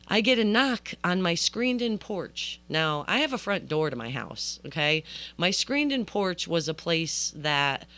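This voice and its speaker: A woman's voice: low-pitched, clean tone, no room sound. A woman hosting a podcast who tells a comic story with chatty asides to the listener and acts out the quoted lines. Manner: animated, acts out quoted dialogue. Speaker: podcast host.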